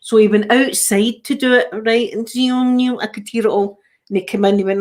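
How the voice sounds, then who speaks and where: Brisk and a little high, with a darkish tone and fairly even intonation, this middle-aged Scottish channel host runs a relaxed live chat. She's a chatty storyteller who recounts everyday happenings and voices each character herself.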